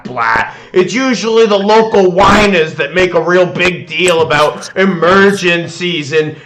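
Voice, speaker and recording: A man's voice: high-pitched, background noise, heavily acted. A man voicing a stern, pompous middle-aged police chief who lectures in a blustering way. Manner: blustering, lecturing, mumbles "blah" filler.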